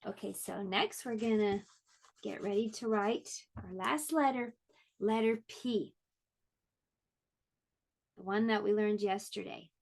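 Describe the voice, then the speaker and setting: A woman teaching an online pre-K lesson, speaking gently and encouragingly and sounding words out clearly for young children. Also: mid-range voice, steady tone, slow, pauses often.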